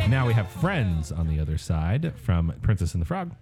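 A man co-hosting a casual chat about songs, announcing each matchup. His voice sits low but moves lively up and down as he jokes along. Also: moderate pace, soft background music. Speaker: podcast co-host, runs the bracket.

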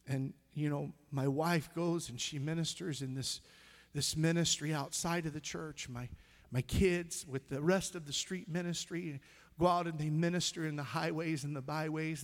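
A middle-aged male pastor telling a story in a sermon, emotional and halting, with sighs and passages that drop almost to a whisper. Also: on the high side. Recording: long hall reverb.

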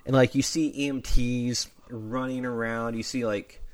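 A man's voice: mid-range voice, flat delivery, a little slow, no room sound. A man co-hosting a podcast, retelling old wrestling moments in casual chat, enthusiastic and full of "like". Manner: enthusiastic, fillers like "like". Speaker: podcast co-host.

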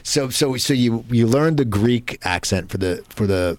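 A man from Philadelphia with a faint Philadelphia accent, interviewing a guest with halting, restarting questions. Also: mid-range voice, animated, dry recording. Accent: slight Philadelphia. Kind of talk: casual interview chat.

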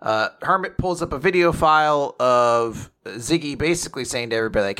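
A young man co-hosting a casual podcast, recapping a story in a rambling, animated way with laughs. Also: mid-range voice, a little fast, few pauses, smooth. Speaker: podcast co-host. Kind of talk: casual chat recapping a manga chapter.

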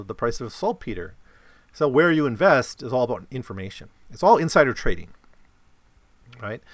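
A man's voice: medium pitch, a bit bright, dry recording. A man giving a casual explanatory talk about a novel, often checking in with listeners by asking "right?". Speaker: lecturer on a novel.

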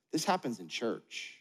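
A man's voice: mid-range voice, husky. A man preaching a sermon as pastor, conversational, acting out quoted voices. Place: church auditorium. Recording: long hall reverb.

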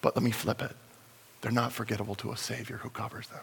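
A middle-aged man preaching a sermon as pastor, in a conversational, animated storytelling manner. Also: mid-range voice, fast talker, vocal fry, a little hiss or hum. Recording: long reverb of a large hall.

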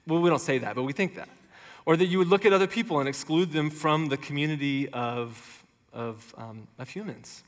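A man preaches a sermon in a loose, conversational way, full of everyday fillers. His voice sits a little higher than most men's. A long reverb trails each phrase. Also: fairly quick. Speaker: pastor.

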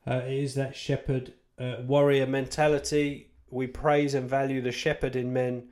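A man's voice: medium pitch, flat delivery, normal speed, a little mellow. A man, a Christian author, giving an informal talk about church life, rambling and candid with self-deprecating asides and emphatic repetition.

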